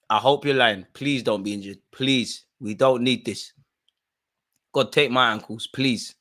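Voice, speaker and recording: A man, voice bright and sharp-edged, commentating live on a football match for a watch-along crowd. He grumbles low at bad calls, then bursts into loud cheering and yelling at the players, all in casual street slang. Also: moderate pace. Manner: exasperated, heckling the referee, swings between muttering and shouting.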